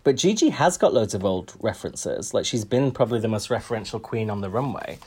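A man co-hosting a podcast, talking in an expressive, self-mocking way. His pitch moves all over the place as he chats casually. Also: brisk, husky. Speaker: podcast co-host. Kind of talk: casual chat.

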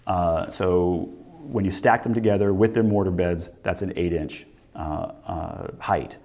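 A man teaching a recorded lesson, explaining step by step in a relaxed way and thinking aloud with many fillers and restarts. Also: low voice, unhurried, creaky. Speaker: instructor. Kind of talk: recorded lecture walkthrough.

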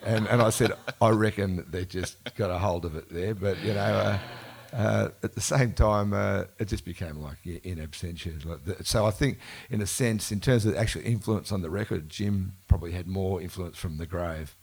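Deep, husky man spinning yarns. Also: moderate pace, hardly any pauses. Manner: rambling, self-correcting, laughs often. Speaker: musician being interviewed. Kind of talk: casual storytelling conversation. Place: bookshop event before a live audience. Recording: live event recording.

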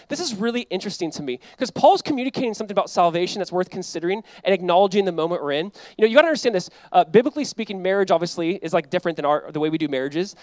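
A man preaches to his congregation in a relaxed, talky style, slipping into acted-out quotes and filler words. His voice sits high for a man. The sound is dry and close, with no room echo. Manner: conversational preaching, acts out quoted voices, frequent "like". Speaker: pastor. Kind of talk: sermon.

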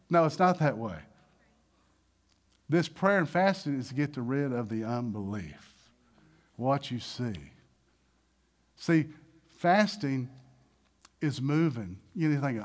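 A man preaching with a high, lively voice that leaps up and drops down. He acts out little voices as he goes and moves between loud bursts and soft asides. The delivery is animated and conversational, the way a pastor talks from the pulpit. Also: unhurried, long pauses. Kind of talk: sermon.

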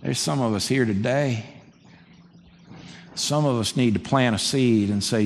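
A man preaching a sermon as a pastor, conversational and animated. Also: medium pitch, normal speed, long pauses. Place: church sanctuary. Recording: long hall reverb, faint background noise.

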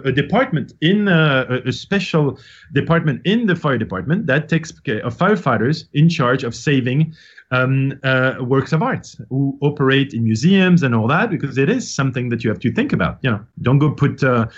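A man with a French accent talks at length as a guest on an interview show, rambling through his story with frequent fillers and restarts. His voice sits at an ordinary middle pitch. The audio is slightly muffled. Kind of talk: casual interview talk.

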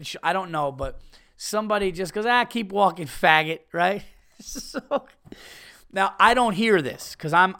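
A man's voice: a little high, vocal fry, bright, forceful tone. A man hosting a podcast, telling a rambling, profane story in a casual way and laughing at his own tale. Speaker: podcast host.

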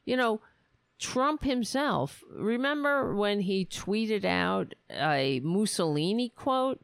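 A woman's voice: mid-range voice, sing-song, slow pace, creaky, clear, resonant tone, no echo, clean studio sound. A woman hosting a political commentary show, talking in a sarcastic, profane and exasperated way. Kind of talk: casual political rant.

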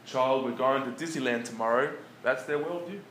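A man preaching in a relaxed, conversational way, often chuckling between his points. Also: medium pitch, a little fast. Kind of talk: conversational sermon. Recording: echoey room with faint background noise.

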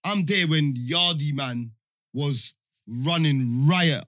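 Slangy man, bright voice. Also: fairly high pitch, slow, no echo, studio quality. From London. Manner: slangy, rambling, trails off often. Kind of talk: casual chat.

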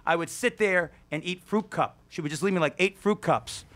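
A man's voice: high-pitched, normal speed, a bit bright. A man hosting a live comedy talk show, telling loose, profane, rambling stories about growing up. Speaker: host and birthday guest.

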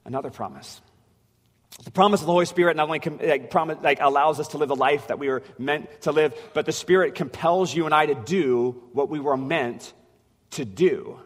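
A man's voice: a little high, fairly quick. A man pastor preaching a sermon in a conversational, storytelling way, often restarting his phrases, in a church. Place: church sanctuary. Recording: long hall reverb.

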